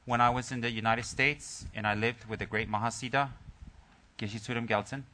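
This man, a Buddhist teacher, jokes with his group at the start of a Dharma teaching and then tells a story softly and calmly, pausing and restarting often. His pitch is medium, and faint hiss or hum can be heard.

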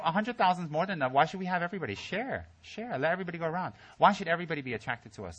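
A man gives a humorous Dharma talk to his students, teasing them and acting out mock voices. His voice is bright and forceful and sits a little high. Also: husky. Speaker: Buddhist teacher.

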